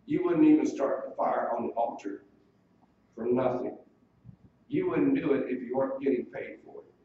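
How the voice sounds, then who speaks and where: A man's voice: mid-range voice, normal speed. A male pastor preaching a sermon, earnestly explaining scripture and quoting it in old wording. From United States. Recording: distant mic in a very echoey room, dull lo-fi sound, faint hiss.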